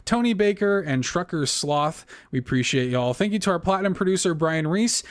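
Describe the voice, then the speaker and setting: A man hosting a casual gaming podcast, chatty and quick to laugh, reading off a list of supporter names. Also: high-pitched, lively intonation, dry recording, studio quality. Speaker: podcast host. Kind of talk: casual chat.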